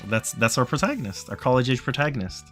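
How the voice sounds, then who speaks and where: A man's voice: mid-range voice, very animated, fast talker, fairly bright tone, faint music behind. A man reading a visual novel aloud in a casual, joking way. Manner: casual, joking, laughs a lot. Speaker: streamer reading a game.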